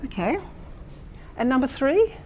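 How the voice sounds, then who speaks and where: A teacher trainer runs a workshop for teachers, explaining and demonstrating a lesson, often using fillers, restarting sentences, and checking in with the room. Her high voice swings widely in pitch, unhurried and darkish in tone. The recording has the highs cut off and slight background noise.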